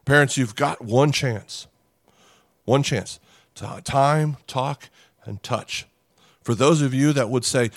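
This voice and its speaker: A middle-aged pastor preaching a sermon to parents, earnest and dramatic, slowing down and pausing for emphasis. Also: male voice, mid-range voice, dry recording, clean studio sound.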